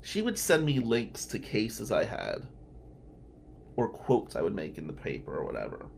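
A man's voice: lowish voice, huge pitch swings, moderate pace, vocal fry, darkish tone, slight background noise. A man from New Jersey, a podcast host and defense lawyer, telling casual, blunt stories in tribute. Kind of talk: storytelling tribute.

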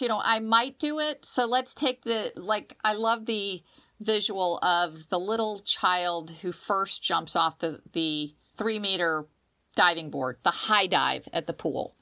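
A woman co-hosting a casual talk show speaks slowly in a medium-pitched voice. She tells her stories with emotion and animation, using dramatic quoted voices and often repeating words as she starts her sentences.

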